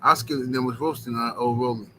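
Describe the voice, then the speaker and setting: A man's voice: mid-range voice, fairly even intonation, a little fast, bright, forceful tone, slight background noise, rough recording. A man hosting a boxing livestream, rambling in slangy casual chat and filling it with "you know what I'm saying.".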